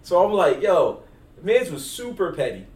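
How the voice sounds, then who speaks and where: A man's voice: high-pitched, sing-song, unhurried, darkish tone. A man co-hosting a casual movie discussion, telling stories and acting out scenes in slangy voices. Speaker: podcast co-host. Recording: roomy, distant mic with faint background noise.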